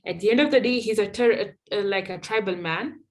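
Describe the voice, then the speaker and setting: Her voice is mid-range and her delivery brisk: a young Afghan woman, an activist, recounting personal stories as an interview guest. She speaks emphatically and candidly, frequently starting her phrases over.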